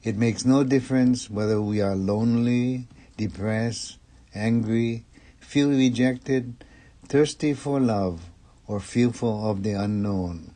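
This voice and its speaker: A man giving a Dharma talk as a Buddhist minister, measured and calm. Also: medium pitch. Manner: slow, measured and calm delivery.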